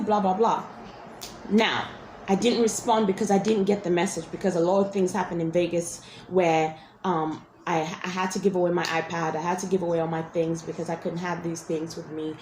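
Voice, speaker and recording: A woman's voice: on the low side, fairly even intonation, normal speed, a little mellow. A woman telling a personal story in a casual vlog from a hotel room, rambling with many restarts and asides. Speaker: vlogger. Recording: roomy echo with faint noise.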